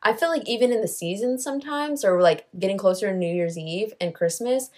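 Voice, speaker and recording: A woman's voice: mid-range voice, fairly quick, darkish tone. A woman chatting casually with friends in a bubbly, playful, joking way. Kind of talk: casual chat.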